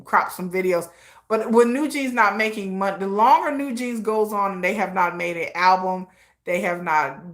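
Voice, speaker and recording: A woman hosts a casual commentary live stream with a bright, forceful voice. She talks in an animated, slangy, gossipy way and laughs often. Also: mid-range voice.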